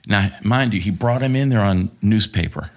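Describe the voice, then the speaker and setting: A man's voice: on the low side, normal speed. A man guest on a podcast, telling a story in a casual, profane, laughing way. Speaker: podcast guest, former contractor.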